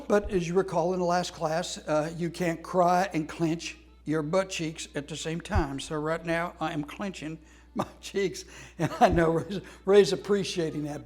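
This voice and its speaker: A man's voice: fairly high pitch, steady tone, normal speed, darkish tone, soft background music. Heartfelt storytelling man who laughs. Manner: laughs through his stories, heartfelt. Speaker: humor speaker teaching a class. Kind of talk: storytelling tribute talk.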